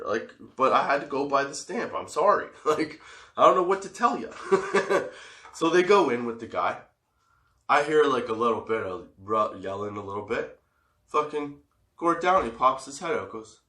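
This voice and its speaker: A man hosting a comedy podcast and telling a personal story, animated, swearing a lot and breaking into laughs as he acts out what people said. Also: mid-range voice, measured pace, pauses often, reverberant. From Canada. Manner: animated, swearing, laughing often, acting out quotes. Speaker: podcast host.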